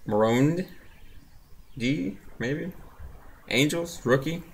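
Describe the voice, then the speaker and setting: In a husky, a little high voice, a man narrates very slowly but expressively as he tears into trading card packs. He calls out names and teams, tossing in easygoing asides.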